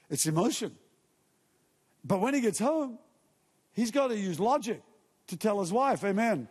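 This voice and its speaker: A man with a high, light voice delivers a sermon in a church, chatting with the congregation and slipping into quick acted-out bits of dialogue. His words ring out with the long reverb of a big hall behind them. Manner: conversational preaching with acted-out quotes and asides. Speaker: pastor.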